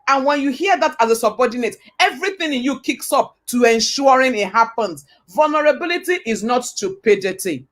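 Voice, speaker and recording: A woman's voice: high-pitched, expressive, a little fast, few pauses, fairly bright tone. A woman giving a motivational talk. She speaks emphatically, repeats her points, asks rhetorical questions and sometimes quotes scripture like a preacher.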